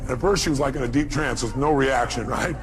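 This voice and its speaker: A man giving a motivational speech to an audience, firing rhetorical questions and swinging from loud bursts to low, intimate asides. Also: fast. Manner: emphatic, rhetorical questions to the crowd. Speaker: motivational speaker. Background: music bed.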